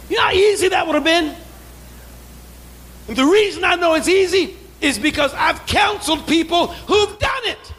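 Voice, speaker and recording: A man preaching a sermon as pastor, calling for amens, acting out quoted voices and rising into shouts. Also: very high-pitched, slight background noise, poor audio. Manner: preaching with call-and-response, building to shouts; acts out quoted voices in asides. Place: church sanctuary.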